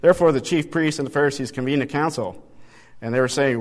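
Male Bible study teacher, mid-pitched, conversational and questioning, recorded with long reverb. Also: fast. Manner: conversational, asks rhetorical questions, reads passages aloud.

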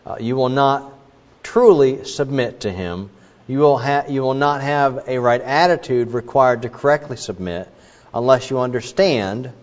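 Middle-aged male preacher, mid-pitched, earnest storytelling, dull lo-fi hall recording. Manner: earnest, with many fillers and illustrations. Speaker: pastor. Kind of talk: sermon.

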